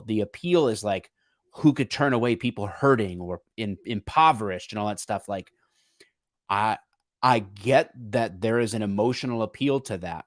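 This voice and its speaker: Recorded cleanly in the studio with no room sound, a man co-hosting a podcast speaks in a fairly low voice. Casual yet earnest, he picks through a political issue, often restarting what he's saying as he looks for the words.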